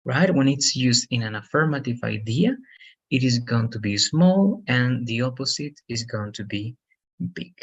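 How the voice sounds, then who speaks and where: Man, husky voice, patient English teacher, repeats points, checks understanding often. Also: medium pitch, expressive, measured pace, lo-fi sound. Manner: patient, repetitive explaining with frequent "all right" and "okay". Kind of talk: one-on-one online lesson.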